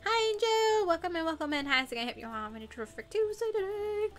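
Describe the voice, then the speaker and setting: A woman's voice: sits high, very animated, very fast, a bit bright. A young woman co-hosting a gaming livestream, chatting casually and giggling as she greets viewers by name. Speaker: livestream co-host. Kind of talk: casual gaming stream chat.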